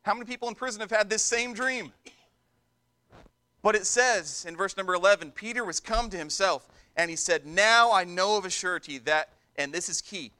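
High, bright-voiced preacher man. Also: moderate pace. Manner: emphatic preaching, repeats words for stress. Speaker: pastor. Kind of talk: sermon.

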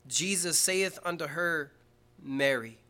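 A pastor preaching a sermon in church, swinging from quiet, slow, earnest passages up to loud emphatic peaks. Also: male voice, a little high, steady tone.

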